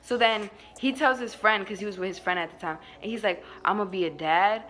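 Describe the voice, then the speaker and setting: A woman's voice: medium pitch, fairly quick, a bit bright. A young woman vlogger telling a personal story in a casual, slangy way, laughing often as she goes.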